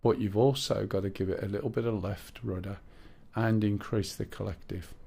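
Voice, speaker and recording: A man with a low, gravelly, dark voice talks through a live flight-sim session. He chats with opinions between moves and explains each control input step by step. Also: fairly even intonation, normal speed. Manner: chatty and opinionated. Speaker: streamer flying a helicopter in a flight sim. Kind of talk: live gameplay commentary.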